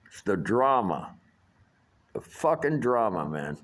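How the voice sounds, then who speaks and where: A man's voice: fairly low pitch, very animated, takes it slowly, a bit bright. A middle-aged man ranting casually and profanely about his restaurant job, rambling with many fillers. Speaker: vlogger. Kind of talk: casual rant monologue.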